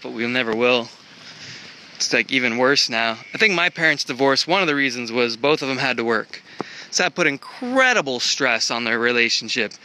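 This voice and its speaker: A man's voice: mid-range voice, lively intonation, normal speed, bright, forceful tone, a little hiss or hum. A man thinking aloud in a casual vlog as he walks through an outdoor park, filmed on a handheld camera. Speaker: traveler filming a walk.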